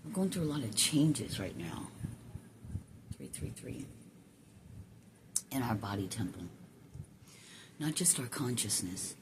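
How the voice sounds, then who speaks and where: Very low-voiced woman, rambling spiritual vlog. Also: very animated, background noise. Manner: rambling, swears, laughs to herself, halting restarts. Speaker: spiritual vlogger. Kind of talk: casual spiritual monologue to camera. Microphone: phone.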